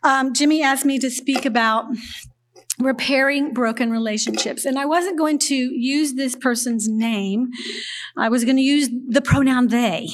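An older woman sharing a personal testimony with a group, speaking in an earnest, halting way with restarts and soft laughs. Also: high voice.

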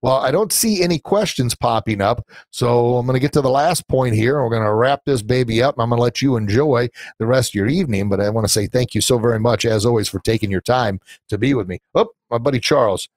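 A man's voice: medium pitch, brisk, hardly any pauses, darkish tone, no room sound. Earnest, rambling middle-aged man host. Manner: earnest and sentimental, rambling with fillers. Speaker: podcast host and anti-bullying coach. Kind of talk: live-streamed podcast talk.

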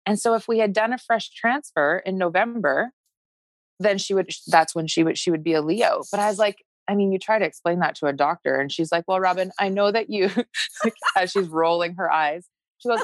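A woman's voice: medium pitch, a little fast, dry recording. A woman in her forties telling a personal story in a conversation, acting out her own past thoughts and the words of others. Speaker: guest sharing her fertility story.

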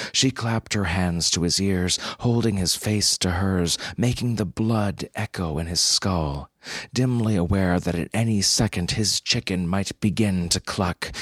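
A man reads a story in a deadpan, unhurried way. His voice is very low and husky, recorded dry. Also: no room sound. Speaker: narrator. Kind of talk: scripted story narration.

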